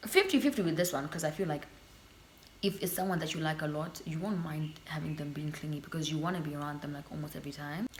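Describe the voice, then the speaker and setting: A young Zimbabwean woman vlogging in a casual sit-down chat, sassy and animated, slipping into Shona phrases. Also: low voice, quick pace, slight background noise.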